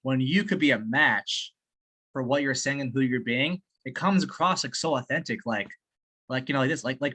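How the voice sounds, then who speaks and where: A man on a video call giving sales-practice feedback in casual chat, excitable and profane, laughing as he talks. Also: mid-range voice, moderate pace. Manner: excitable, swears often, laughs while talking.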